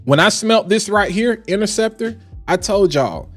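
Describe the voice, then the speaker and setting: A man reviewing fragrances on a casual live stream, talking in an animated, emphatic and slangy way. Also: sits high, moderate pace, soft background music.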